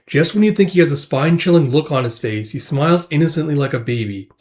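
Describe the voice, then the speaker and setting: A man's voice: a little high, expressive, fast talker, a little mellow, lightly acted. A man voicing a thoughtful, easygoing male mercenary in a casual comic recap, explaining things in a reflective way.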